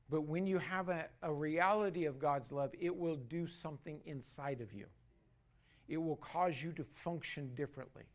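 Key phrases get heavy emphasis as a pastor with a fairly high voice preaches to his congregation, his volume surging and dropping. He stretches important words out slowly and leads the people in repeating his lines.

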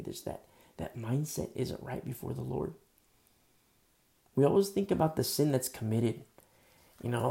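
A man's voice: mid-range voice, expressive, normal speed, vocal fry, long pauses, mellow. A man preaching a conversational sermon in a casual, earnest way, full of fillers. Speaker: pastor.

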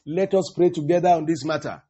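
A man preaches a sermon in a high, husky voice, halting and circling back over his words. He calls out hallelujah and praise the Lord between thoughts. The recording sounds dull and lo-fi. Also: dark tone.

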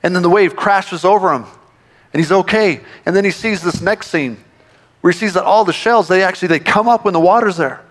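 A man preaching a sermon to his church, conversational and animated, often restarting his sentences. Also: high-pitched, brisk. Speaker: pastor.

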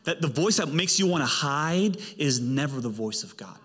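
Guy pastor preaching, kinda high voice, lots of punch, echoey church hall. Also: expressive, normal speed, fairly bright tone, slightly rough. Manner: emphatic preaching with big pitch swings. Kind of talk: sermon. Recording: long hall reverb.

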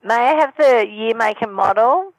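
A woman's voice: on the high side, animated, normal speed, dry recording, low-quality recording. Sex: woman. Role: polite phone intake agent. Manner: polite, patient, asks to repeat. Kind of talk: scripted customer service call.

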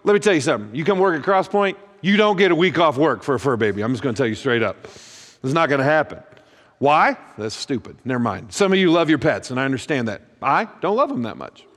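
A middle-aged pastor telling comic stories from the pulpit, with a dry, self-mocking timing that acts out both sides of every conversation. His voice sits a touch high for a man. It rings with the long reverb of a big hall. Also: animated, fast talker, fairly bright tone. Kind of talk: humorous sermon storytelling.

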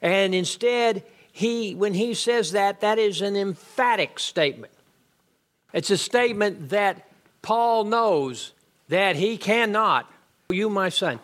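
A man's voice: sits high, a bit bright. A middle-aged man, teaching a Bible lesson and explaining grammar step by step with emphasis.

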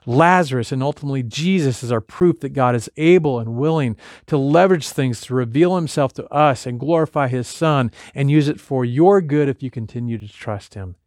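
A man's voice: medium pitch, fairly quick, hardly any pauses, darkish tone, dry recording, studio quality. A man preaching a sermon in a conversational way, retelling scripture and voicing the lines of the people in it. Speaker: pastor.

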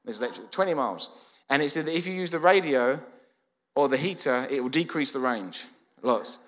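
Fast male preacher, 40s, medium pitch, long church-hall reverb, animated storyteller. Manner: lively, acts out quoted dialogue. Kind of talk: storytelling sermon.

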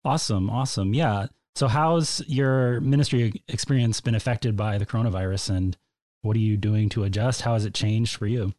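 A man's voice: lowish voice, normal speed, a little mellow, dry recording, clean studio sound. A man hosting a casual podcast interview, asking short questions. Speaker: podcast host.

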